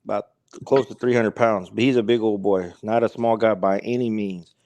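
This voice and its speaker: A man's voice: lowish voice, fairly even intonation, normal speed, darkish tone, no room sound. A man as a podcast guest, telling a long story in a rambling way, stringing it together with "he's like" and "he goes". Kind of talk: casual storytelling.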